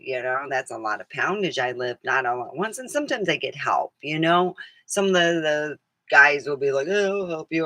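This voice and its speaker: Middle-aged woman vlogger, chatty and rambling, laughs a lot, bright voice on a dry recording. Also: low-pitched, dry recording. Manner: chatty, laughs often, acts out quotes. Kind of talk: casual rambling chat.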